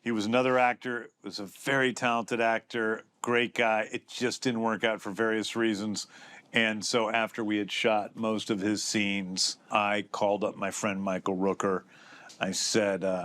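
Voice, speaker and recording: A middle-aged man hosting a podcast, telling behind-the-scenes stories in a relaxed, casual way with filler words. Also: fairly low pitch, measured pace. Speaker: podcast host and showrunner.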